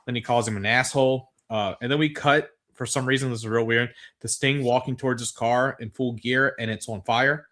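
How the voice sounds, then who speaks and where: A man in mid pitch talks through a recap as a podcast co-host, loose and rambling, with plenty of swearing. He chuckles at the absurd parts and drifts between asides. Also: fairly even intonation, brisk, a bit bright. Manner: rambling, swears freely, laughs at absurd moments. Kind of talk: casual recap chat.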